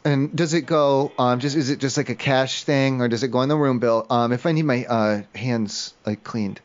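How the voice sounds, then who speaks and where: A man's voice: mid-range voice, normal speed, few pauses. Whiny prank-calling man, muffled. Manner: whiny, emotional, easily offended. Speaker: prank caller. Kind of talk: prank phone call.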